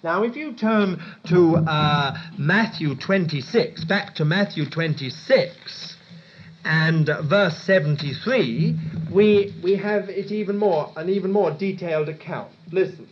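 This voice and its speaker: A man's voice: high-pitched, animated, a little slow. A man with a British accent preaching a sermon, teaching in a chatty way with asides and restarts. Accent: British English. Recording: dull lo-fi sermon recording.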